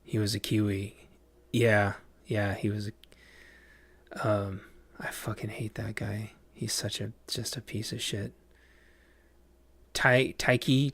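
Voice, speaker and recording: A man's voice: fairly low pitch, no echo. A man chatting casually on a live stream, distracted, rambling and swearing as he mutters to himself.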